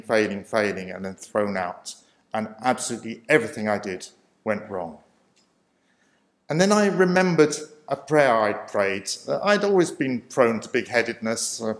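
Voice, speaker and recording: Man, minister sharing testimony, self-deprecating, roomy echo. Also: mid-range voice. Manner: self-deprecating, laughs at himself often. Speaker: minister telling his life story. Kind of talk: personal testimony talk.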